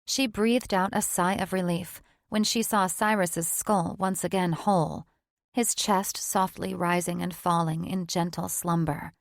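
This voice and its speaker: A woman reading a fantasy romance audiobook in a steady, even narration. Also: on the low side, a little slow, gravelly, dry recording. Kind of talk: scripted narration.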